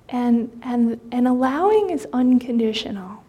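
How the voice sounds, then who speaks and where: Soft, breathy woman giving a dharma talk. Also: fairly high pitch, a little slow, highs cut off. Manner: gentle, conversational, with many fillers and restarts. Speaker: meditation teacher.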